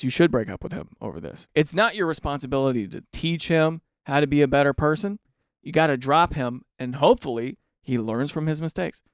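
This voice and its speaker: A man's voice: a little high, clean tone, no echo, clean studio sound. A young adult man hosting a comedic reaction show, reading out texts and firing incredulous, sarcastic remarks about them. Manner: incredulous, animated, reads texts aloud with sarcastic asides. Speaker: host reacting to online posts.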